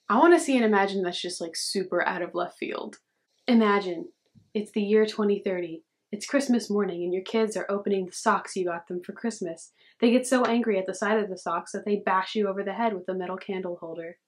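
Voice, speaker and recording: A woman's voice: medium pitch, brisk. Sarcastic young woman vlogger, says "dude". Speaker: YouTuber. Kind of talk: casual commentary.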